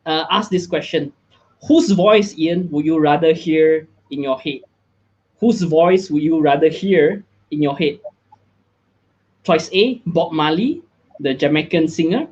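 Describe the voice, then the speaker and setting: Male host, slightly high voice, upbeat chatty, dull online-call sound. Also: unhurried, a little mellow. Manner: upbeat, chatty, frequent laughs and fillers. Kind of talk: casual live interview chat.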